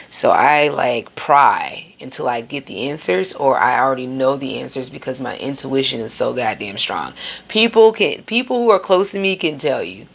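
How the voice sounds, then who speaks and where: Podcast host, woman: deep gravelly voice, casual and profane, with bursts of high-pitched exclamation. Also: animated, normal speed. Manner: candid and profane, with sudden high-pitched outbursts. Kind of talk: casual spiritual monologue.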